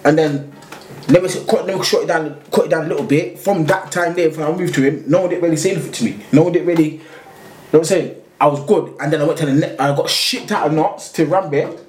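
A man's voice: fairly high pitch, fast talker. A man with a London accent telling a long story in casual, slang-filled chat. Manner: slangy, rambling, animated retelling. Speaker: podcast guest telling his story. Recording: echoey room with faint noise.

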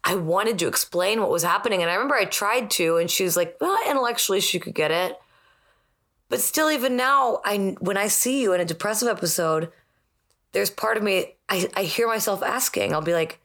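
A woman's voice: medium pitch, fairly quick, a bit bright. A woman in her thirties co-hosting a podcast, talking candidly in a rambling way with many restarts. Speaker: podcast co-host. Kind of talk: casual chat.

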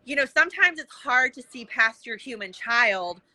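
A woman guest on a podcast, telling animated stories and acting out what people said, with lots of casual fillers. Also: on the high side, moderate pace, poor audio. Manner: lively, acts out quoted dialogue with many fillers. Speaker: interview guest, intuitive coach. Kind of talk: animated conversational storytelling.

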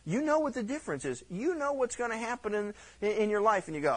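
A middle-aged man, a pastor, teaching a Bible study sermon in an animated way, acting out voices of God and the people. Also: high-pitched, fast.

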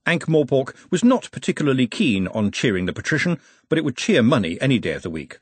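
A man reading a novel aloud as an audiobook narrator, in a wry, expressive manner. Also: mid-range voice, quick pace, husky, no echo. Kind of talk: scripted narration.

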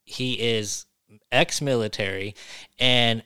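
A man's voice: mid-range voice, slow pace, sharp tone, smooth, no room sound, studio quality. A man hosting a casual podcast, blunt and indignant, asking his guest pointed questions. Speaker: podcast host.

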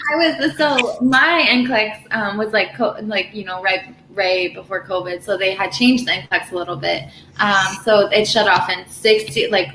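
A woman's voice: mid-range voice, slight background noise. A young adult woman, a nurse guest on a podcast, chatting casually and telling stories with lots of "like" fillers. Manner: chatty, filler-heavy, animated storytelling. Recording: roomy echo.

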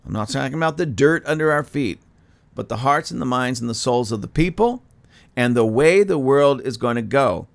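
A man's voice: mid-range voice, lively intonation, normal speed, creaky. A man who is a pastor, preaching on his podcast in an emphatic, conversational way, repeating phrases for emphasis. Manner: conversational asides with fillers.

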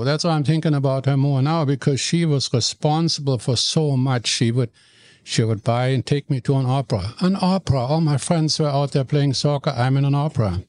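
An older man from Germany with a German accent, telling stories about his past as an interview guest in an animated, joking way. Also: mid-range voice. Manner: animated storyteller, jokey, self-deprecating. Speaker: guest, radio regular. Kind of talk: interview storytelling.

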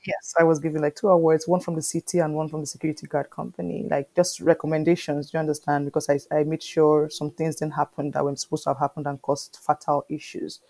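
A woman, an animated storyteller in an interview who keeps asking whether you understand. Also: low-pitched, fast talker, hardly any pauses. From Nigeria. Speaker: interview guest. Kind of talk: conversational interview.

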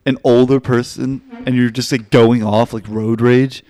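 A young man co-hosting a podcast, relaxed and quick to react. His voice is a middling male pitch. The sound is dry and close, with no room echo. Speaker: podcast co-host. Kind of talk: casual chat.

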